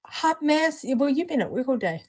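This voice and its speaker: A woman's voice: high-pitched, very animated, brisk, a little mellow, no room sound. A woman hosting a casual live vape review stream from home, chatty and laughing often. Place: at home, indoors at night.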